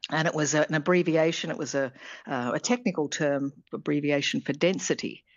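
A woman academic speaks in a lowish voice, pausing often with fillers as she explains things on a radio interview. Her voice comes through a dry, somewhat dull line. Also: no echo. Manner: thoughtful, hesitant with fillers and laughs. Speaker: linguistics professor guest.

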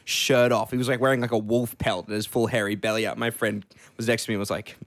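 A radio co-host in casual on-air chat, playful and quick to laugh. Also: mid-range voice, flat delivery, slight background noise. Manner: playful, laughs often, nerdy enthusiasm. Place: radio studio.

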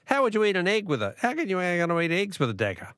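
Middle-aged Australian host, chatty and laughing, lively delivery, dry studio mic. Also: male voice, high voice, rapid-fire, no echo. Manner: chatty, chuckling, animated. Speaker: radio talkback quiz host. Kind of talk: casual radio chat. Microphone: studio microphone.

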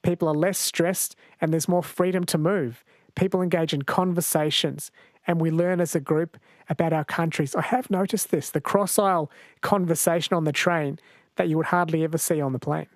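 A man from Australia hosting a talk radio show, speaking in a brisk, conversational way. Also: on the high side, fairly even intonation, no echo, studio quality. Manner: brisk and conversational, brief interjections. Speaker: radio host.

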